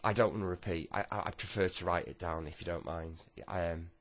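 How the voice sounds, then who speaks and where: A man's voice: low-pitched, fairly even intonation, fairly quick. A man playing a distraught seventy-two-year-old grandfather who stammers, sighs and keeps breaking off. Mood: shaken. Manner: stammering, sighing, breathless.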